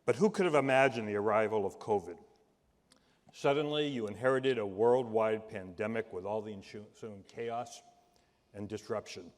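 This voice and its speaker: A man with a Boston accent giving a measured, warm tribute speech at a gala, turning fumbling when he improvises. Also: lowish voice. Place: large event hall. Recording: reverberant hall.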